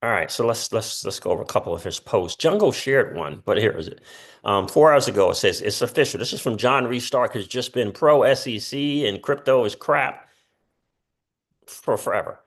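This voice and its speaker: A man hosting a casual commentary channel, reading news posts aloud and breaking in with quick offhand asides. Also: mid-range voice, expressive. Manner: chatty, reads quotes aloud with asides. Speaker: crypto channel host.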